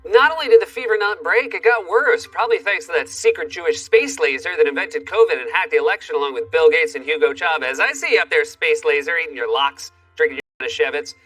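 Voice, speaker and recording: Late-night comic host, quick and bright, sarcastic monologue, faint music under. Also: male voice, fairly high pitch, expressive, distant mic, rough recording. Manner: sarcastic, punchy delivery. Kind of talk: comedy monologue.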